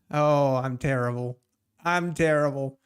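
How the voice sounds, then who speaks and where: A man's voice: on the high side, clear, resonant tone. A man streaming his trading live, talking to the chart and chatting with viewers between laughs.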